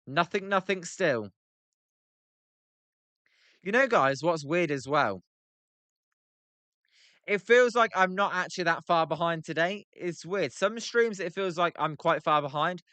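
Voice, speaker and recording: A man's voice: a little high, expressive, measured pace, long pauses, pushed and bright, clean tone, dry recording. A young British man hosting a live stream, giving casual commentary on a baseball game while chatting with his viewers and joking about pronunciations. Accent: British English. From Britain. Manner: chatty, banters with chat, plays with pronunciations. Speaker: livestream host reacting to a baseball game.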